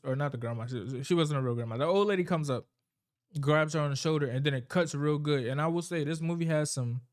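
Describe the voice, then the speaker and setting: Guy going off on a movie recap, lots of cussing, kinda high voice, super clean smooth sound. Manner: rambling, profane, loose storytelling.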